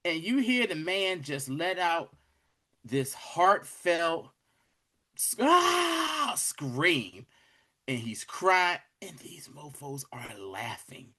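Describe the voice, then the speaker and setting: Here the young man's voice sits on the high side, pushed and bright, with lively intonation but a slow pace. As a podcast co-host reviewing a show, he chats casually and acts out quotes while retelling scenes in slang.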